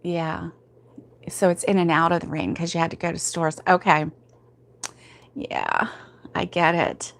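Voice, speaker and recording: A woman's voice: on the low side, flat delivery, moderate pace. A woman hosting a casual crochet livestream, rambling and laughing as she answers viewers' comments, sleepy and yawning, talking from home. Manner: chatty and rambling, many fillers, laughs often.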